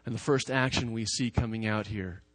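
A man's voice: on the low side, normal speed, a bit bright, dry recording. A man preaching a sermon as a pastor, talking conversationally and repeating words for emphasis.

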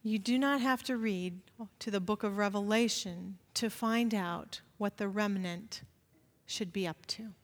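A woman's voice: medium pitch, a little slow. A woman pastor giving a conversational sermon in a church sanctuary, often asking the congregation rhetorical questions. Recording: reverberant sanctuary.

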